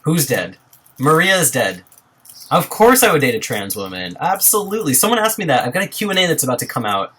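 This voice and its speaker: Bright-voiced chatty live-streaming guy. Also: on the high side, very animated, a little fast, breathy edge. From Iowa, USA. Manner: chatty, reads viewer comments aloud and answers them, laughs often. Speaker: livestreamer. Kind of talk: casual live-stream chat.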